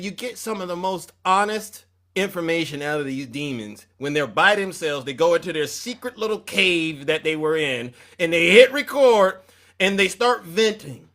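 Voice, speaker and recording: A man hosting a reaction show, mocking and lecturing the person in a clip. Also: a little high. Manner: mocking, preachy, animated. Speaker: show host.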